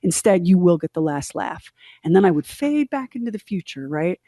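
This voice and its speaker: Middle-aged woman, podcast co-host, candid animated storyteller, mellow tone, dry studio sound. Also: lowish voice, moderate pace, no room sound. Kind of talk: storytelling in casual chat.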